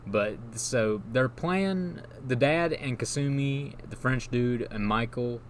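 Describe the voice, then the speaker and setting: A man's voice: medium pitch, slow, slight background noise. A man in casual chat, rambling through an enthusiastic plot recap and laughing along. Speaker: podcast co-host.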